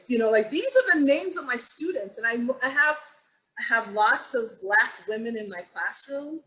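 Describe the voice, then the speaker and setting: A woman who teaches acting, moderating an online panel and telling stories with lively acted-out quotes. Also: on the high side, moderate pace, low-quality recording. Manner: animated storytelling, acts out quotes. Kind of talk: panel discussion on a video call.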